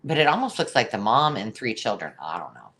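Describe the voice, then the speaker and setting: A woman's voice: extremely low pitch, sing-song, a little fast, a bit bright. A woman hosting a live online sale, chatty and jokey, laughing at her own remarks. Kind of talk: live-stream sales chat.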